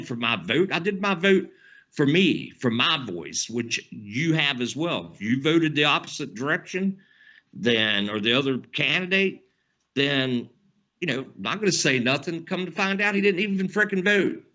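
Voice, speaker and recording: A man with a Southern twang rants hard and rambles, swearing freely and tossing in "man" every few phrases. His voice is bright and tense, and the dull lo-fi recording rounds off its top end. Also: fairly high pitch, animated, normal speed. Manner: profane, rambling, says "man" often. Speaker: channel host. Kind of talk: heated political rant to camera.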